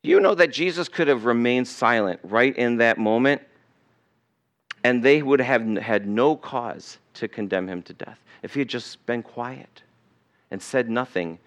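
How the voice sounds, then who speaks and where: A male pastor preaching a sermon, swinging between loud emphasis and hushed asides. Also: mid-range voice, a little slow.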